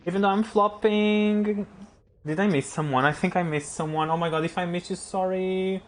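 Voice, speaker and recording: A man streaming a game live, chatting to his viewers, reacting loudly and swearing as he plays. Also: a little high, fairly quick. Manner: excitable, swears, talks to chat. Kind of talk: live gameplay commentary.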